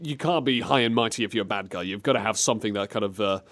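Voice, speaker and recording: A man's voice: fairly low pitch, fast. A young man hosting a comedy radio show in a studio, rambling in loose, joking banter. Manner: animated, rambling, slips into silly mock voices. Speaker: radio host.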